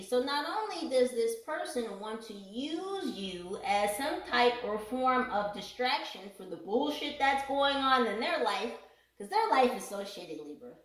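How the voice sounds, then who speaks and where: A chatty woman doing a casual tarot reading, joking, swearing and laughing as she goes. Her voice sits a little high for a woman. The room around her is noticeably echoey. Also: sing-song, unhurried. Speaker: tarot reader.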